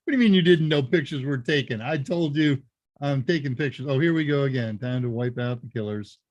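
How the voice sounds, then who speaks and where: A man hosting a live Q&A stream, chatting casually and joking as he reads messages and thinks out loud. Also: mid-range voice, animated, a little fast, dry recording. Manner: chatty, jokey, thinks aloud. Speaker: live Q&A host.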